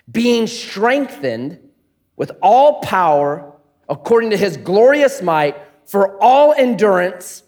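Middle-aged male pastor, high and highly expressive, animated sermon delivery that drops to a hush. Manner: animated, swings from loud playful to hushed earnest.

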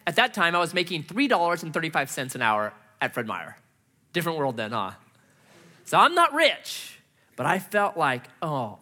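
A middle-aged man preaching a sermon from a church stage. He tells personal stories in an animated, self-mocking way and acts out his own reactions. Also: high-pitched. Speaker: pastor.

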